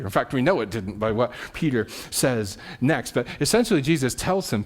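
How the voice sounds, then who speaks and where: A pastor preaches a sermon in a medium-pitched, very animated voice at normal speed, telling the story with energy. He repeats words, restarts mid-phrase, and keeps checking in with "right?"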